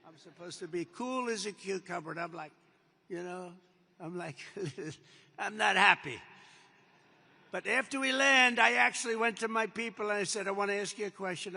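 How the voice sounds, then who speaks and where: A man's voice: high voice, sharp tone. An older man giving a rambling speech as president, digressing and repeating himself, acting out bits of dialogue in an anecdote. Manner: digressive, repetitive, with acted-out quotes. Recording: long reverb of a large hall.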